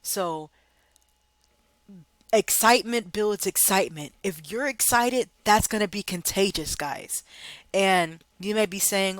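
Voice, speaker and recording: A man's voice: high-pitched, slow, a bit bright, no echo. A man giving a casual, upbeat sales training talk to viewers, encouraging them and calling them guys. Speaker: life insurance sales trainer. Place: home office.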